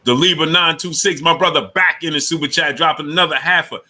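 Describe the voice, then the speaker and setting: A man's voice: on the high side, fast talker, bright, forceful tone. A man hosting a casual sports talk livestream, speaking in loose slang and greeting viewers from the super chat between his takes.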